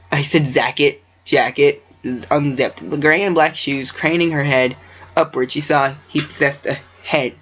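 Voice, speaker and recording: A man's voice: a little high, fairly bright tone. A man reading his own story aloud, stumbling over words and breaking off into joking asides. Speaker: amateur story reader. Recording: dull lo-fi recording.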